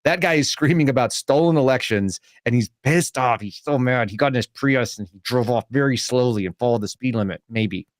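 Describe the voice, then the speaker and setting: A man's voice: mid-range voice, brisk, few pauses, no room sound, studio quality. A man hosting a podcast, delivering sarcastic, combative political commentary. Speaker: podcast host.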